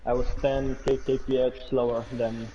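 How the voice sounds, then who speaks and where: A man being interviewed after a race, who talks about it in halting, stop-start phrases. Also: medium pitch, little pitch movement, dark tone, highs cut off, a little hiss or hum. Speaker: racing driver interviewed.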